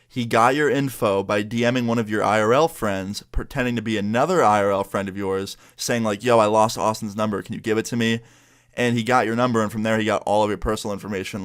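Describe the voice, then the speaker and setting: A young man from New York, a YouTuber telling a story in a casual way and acting out what everyone said. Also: mid-range voice. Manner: animated, acts out the other people's lines.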